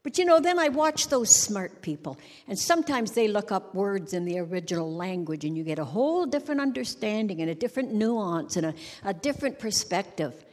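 A woman's voice: medium pitch, lively intonation, fairly quick, few pauses, a little mellow. A middle-aged woman giving a humorous sermon on a church stage, a wry storyteller who jokes and acts out little scenes. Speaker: church speaker. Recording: long hall reverb.

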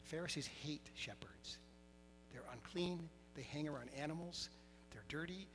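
A middle-aged man preaches with a bright, forceful voice pitched a little high. He tells stories animatedly, slipping into quoted voices and laughing along. A faint electrical hum sits under the recording. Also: moderate pace, poor audio. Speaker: pastor. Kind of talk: sermon.

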